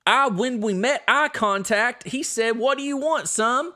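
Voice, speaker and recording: A man doing a shrill Southern tourist. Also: bright, forceful tone, full character voice. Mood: scandalized. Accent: put-on Southern US. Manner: high, indignant, drawn-out complaining. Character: shrill angry Southern theme park tourist. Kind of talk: reading reviews in a comic voice.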